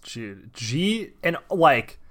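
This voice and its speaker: A man's voice: on the high side, sing-song, drawn-out words, fairly bright tone. A young man in casual podcast chat, swearing constantly and talking emphatically. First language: English. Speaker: podcast co-host.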